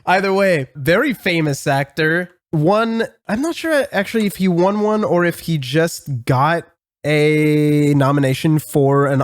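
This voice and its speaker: A man hosting a casual podcast chat, excitable and rambling, swearing and restarting his sentences. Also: a little high, clear, resonant tone, dry recording, clean studio sound. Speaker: podcast host.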